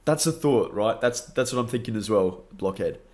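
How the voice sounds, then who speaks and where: Aussie guy on a late night stream, bit tired, lowish voice, chatty and upbeat. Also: expressive, normal speed, darkish tone. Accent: Australian. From Australia. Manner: upbeat, greets chat by name, laughs often. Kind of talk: casual live stream chat.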